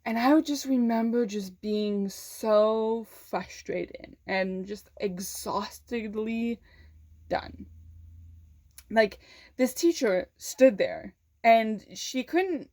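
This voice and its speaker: A woman's voice: fairly high pitch, mellow. Woman telling a raw personal story. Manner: candid, halting, swears freely. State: emotional, holding back tears. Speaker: vlogger.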